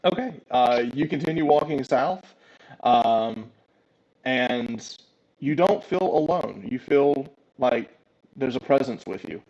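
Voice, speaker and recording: A man's voice: mid-range voice, expressive, takes it slowly, darkish tone, rough recording. A man narrating a tabletop game as game master, with many ums and uhs. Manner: hesitant, filler-heavy narration.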